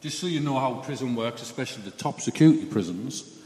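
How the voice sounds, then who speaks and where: A man's voice: mid-range voice, expressive, fast talker, warm tone, big-room sound. A man giving a personal testimony in a chatty, blunt, self-mocking storytelling way.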